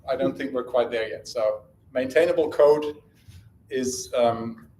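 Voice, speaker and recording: A man's voice: medium pitch, a little mellow, slight background noise. A man from Germany, giving a live conference talk in a casual, self-correcting way with many fillers. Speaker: conference speaker. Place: conference room. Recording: echoey conference room.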